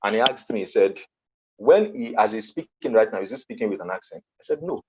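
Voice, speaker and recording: This Nigerian-accented man, coaching at a conference, gives an earnest, emphatic motivational speech and keeps returning to his key phrases. He sounds fairly low-pitched, expressive and brisk, with a slight roughness. It comes through as dull lo-fi online conference audio.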